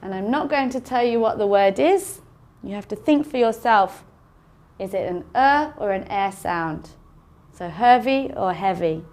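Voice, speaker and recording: A woman teaching an English phonics lesson, sounding out words slowly and carefully for learners. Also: mid-range voice, lively intonation, a little mellow. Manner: slow, careful enunciation of sounds.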